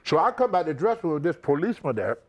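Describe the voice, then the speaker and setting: Fairly high in pitch and rapid-fire, this older American man is a retired wrestler sharing a story in a shoot interview, heard through lo-fi sound. He tells it with animation, repeating words and acting out those involved.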